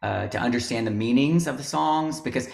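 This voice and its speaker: A man's voice: medium pitch, fairly quick, creaky, roomy sound. A man who teaches choir, chatting on a video call in a rambling way, with lots of fillers and restarts. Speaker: choral music teacher. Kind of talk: casual video-call conversation.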